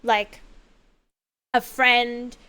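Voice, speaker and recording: High, smooth-voiced woman streamer rambling. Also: very slow. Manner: rambling, expressive, swears freely, lots of fillers. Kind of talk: casual chat while gaming.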